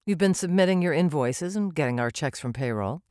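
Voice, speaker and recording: A man's voice: on the high side, lively intonation, brisk, a little mellow, smooth, no room sound, clean studio sound, voice pushed up, close to an everyday voice. A man reading an audiobook, voicing a guarded, evasive woman assistant who answers politely without saying anything. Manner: stonewalling, fake-polite. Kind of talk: audiobook character voice.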